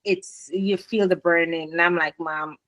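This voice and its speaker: A woman, a business owner chatting as a guest in an interview, animated and talkative. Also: fairly low pitch, normal speed, no room sound, low-quality recording. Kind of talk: casual interview chat.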